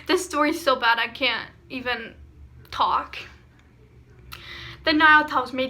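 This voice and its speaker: A woman's voice: high voice, unhurried, pushed and bright. A teenage girl from Pennsylvania reading her old fan fiction aloud, giggling and mocking it with lots of "like" and "um". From Pennsylvania, USA. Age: teens. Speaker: vlogger. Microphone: phone camera.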